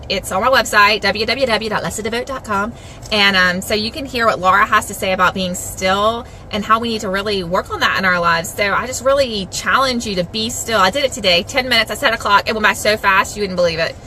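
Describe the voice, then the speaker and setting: Bright, earnest Southern woman preaching. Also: medium pitch, a little hiss or hum, poor audio. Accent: Southern American. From South Georgia, USA. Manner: earnest and animated, repeats phrases for emphasis. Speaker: Christian blogger giving a devotional. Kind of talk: casual devotional talk to viewers.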